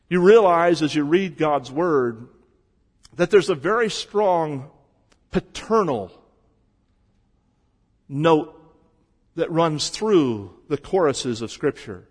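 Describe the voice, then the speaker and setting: A man preaching a sermon as a pastor, shifting between quiet stretches and loud emphasis. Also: fairly high pitch, animated, measured pace, long pauses, long reverb tail.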